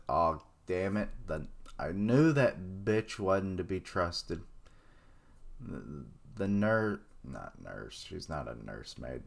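A man's voice: low-pitched, creaky. A man giving casual live reaction commentary on an anime, blurting out surprised remarks and swearing casually. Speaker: reaction streamer.

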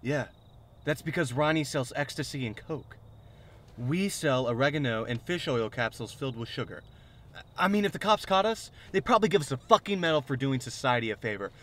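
A man's voice: medium pitch, animated, fairly quick, fairly bright tone, lightly acted. A young man playing a sarcastic, incredulous sidekick in a comedy sketch.

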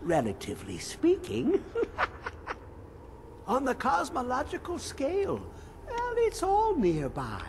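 An actor playing an eccentric older male hermit scholar in a video game, speaking in slow riddles with sudden whispered words. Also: very high voice, wildly swooping pitch, a little hiss or hum, exaggerated voice. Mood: cryptic, rambling.

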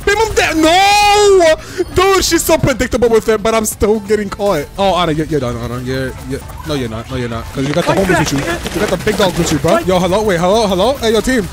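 A man's voice: high voice, fast talker, over music. Hyped young guy streaming a game, voice jumps all over, talks trash and repeats stuff. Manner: excitable, trash-talking, repeats himself. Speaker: gaming streamer. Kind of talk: live gameplay commentary.

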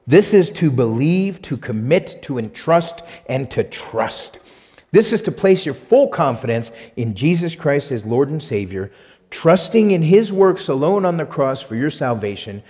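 A man's voice: medium pitch, darkish tone, in a large hall. A man preaching a sermon as pastor, emphatic and repetitive, with rhetorical questions and sudden bursts of force. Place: church sanctuary.

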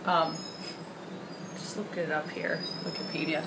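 A woman's voice: low voice, flat delivery, unhurried, noisy background. A woman children's book author talking casually to the camera, chatty and rambling, full of ums and uhs. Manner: chatty, rambling, with many fillers.

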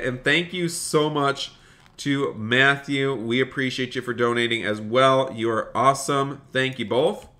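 A male game streamer with a bright, forceful voice. He talks straight to his viewers on a live stream, chatty and excitable, and breaks into gushing thanks for donations. The pitch sits in a middle range for a man. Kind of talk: live gaming stream commentary.

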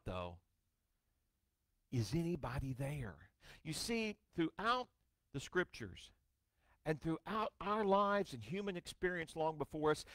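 A male pastor preaching a sermon, reading scripture dramatically with wry storytelling asides, his voice swinging from booming to hushed. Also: no room sound. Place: church sanctuary.

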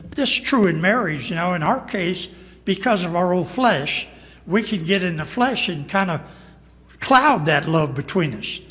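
Man, pastor, sermon, emphatic, high voice, reverberant hall. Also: lively intonation, measured pace, fairly bright tone. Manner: emphatic preaching, acts out quoted lines. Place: church sanctuary.

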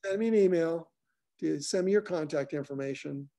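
Host type: man, mellow and slightly high, rambling with restarts over a call line. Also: moderate pace, vocal fry. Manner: loose and repetitive, restarts phrases. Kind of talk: live group call.

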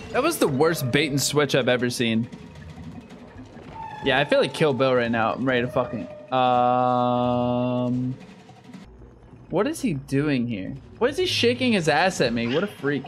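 A man's voice: mid-range voice, lively intonation, measured pace, soft background music. A young man commenting live on a horror game he is playing, swearing often and reacting in sudden outbursts. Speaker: streamer.

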